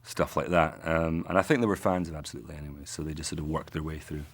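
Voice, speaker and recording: A man's voice: rumbling low, fairly even intonation, fast. A man, an actor, telling self-mocking, joking anecdotes in an interview.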